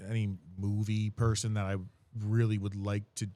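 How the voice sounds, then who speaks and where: A man's voice: fairly low pitch, normal speed, dry recording. A man with a Philadelphia accent, a podcast guest chatting casually in a studio and acting out the people in his stories. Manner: animated storyteller, acts out quotes. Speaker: podcast guest, social media creator.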